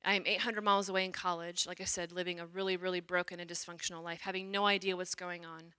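A woman's voice: fairly low pitch, quick pace, smooth. A middle-aged woman, a religious sister, giving a personal testimony talk and acting out the quotes with animation. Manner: animated storyteller, acts out quotes.

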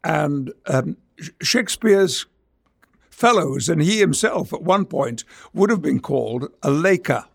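An older English actor from Yorkshire with a gravelly voice, speaking in trained stage English in a measured, theatrical interview manner. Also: male voice, fairly high pitch, lively intonation. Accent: English, trained stage speech. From Yorkshire, England. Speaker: actor, guest. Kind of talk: interview conversation and dramatic verse reading.

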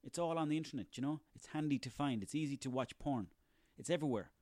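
A man's voice: a little high, quick pace, a little mellow, no room sound, clean studio sound. An Irish man in his thirties delivering a sarcastic, profanity-laden comic rant on his own. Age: 30s. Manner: profane, sarcastic, ranting, rambling.

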